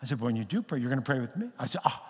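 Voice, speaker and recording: A man preaching to his congregation, telling stories and acting out conversations with lively energy. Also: medium pitch, racing, big-room sound. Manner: animated storyteller, acts out dialogue. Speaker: pastor. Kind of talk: sermon with storytelling. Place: congregation hall.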